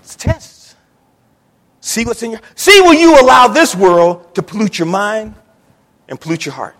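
A middle-aged man preaching a sermon in a church, emphatic and repetitive, building up to shouting. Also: very high voice, sing-song, unhurried. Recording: long church reverb.

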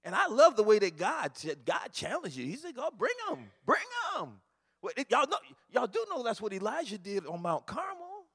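A pastor preaching a sermon, moving from quiet teaching to shouted fervor. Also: male voice, very high voice, creaky.

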